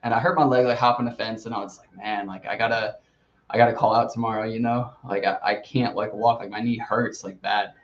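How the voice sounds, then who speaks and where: A man's voice: on the low side, steady tone, a little fast. A man hosting a podcast in casual chat, telling a long story with lots of "like" and restarts. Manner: rambling storyteller, heavy use of "like". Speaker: podcast host. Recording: slightly dull lo-fi recording.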